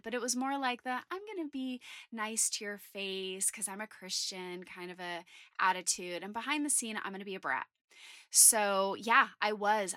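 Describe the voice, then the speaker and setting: A woman in her thirties hosting a faith podcast, telling a personal story in a chatty, candid, animated way. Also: medium pitch, no echo, studio quality. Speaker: podcast host.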